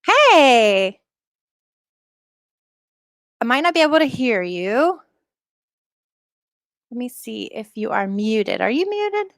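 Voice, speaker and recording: A woman's voice: a little high, expressive, takes it slowly, pauses often, no room sound, studio quality. Bubbly woman hosting a streamed comedy show. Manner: giggly, bubbly, effusive. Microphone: video call.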